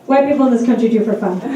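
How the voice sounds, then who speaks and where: A woman stand-up comedian on a club stage, delivering brash, sardonic punchlines. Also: high voice. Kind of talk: stand-up routine. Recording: echoey room, distant mic, noisy.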